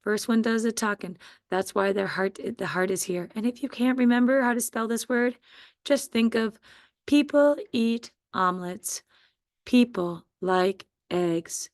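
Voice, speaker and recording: A woman teacher giving a slow, patient spelling dictation to first graders. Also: a little high, fairly even intonation, no room sound, clean studio sound. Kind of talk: spelling quiz dictation for young students.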